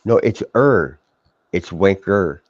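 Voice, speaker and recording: A man's voice: deep voice, animated, slow, no echo. A man in casual, profane live-stream banter, rambling with lots of restarts and fillers. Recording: dull lo-fi stream audio.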